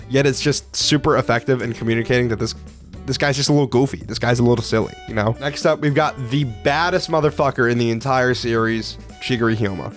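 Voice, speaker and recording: A young man giving casual, excitable commentary as he ranks anime characters, with frequent swearing and filler words. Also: mid-range voice. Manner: profane, excitable, lots of "like" fillers. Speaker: anime video creator.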